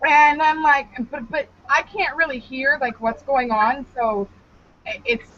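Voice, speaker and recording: In a high, unhurried voice, a young woman co-hosting a podcast tells a comedic story casually, being animated, profane, and loose and laughing often. Dull lo-fi podcast audio.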